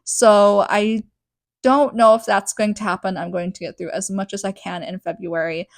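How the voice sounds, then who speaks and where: A woman's voice: medium pitch, fairly even intonation, normal speed, dry recording. Chatty sarcastic woman recapping a book. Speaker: podcast host.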